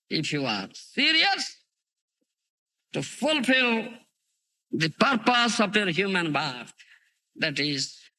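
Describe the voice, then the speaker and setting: Animated Indian-accented man giving a sermon. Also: a little high, creaky, no room sound. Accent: Indian English. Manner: animated storytelling, frequent "you understand?" and "huh?" checks. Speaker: spiritual teacher. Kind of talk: scripture lecture. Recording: dry close 1990s tape.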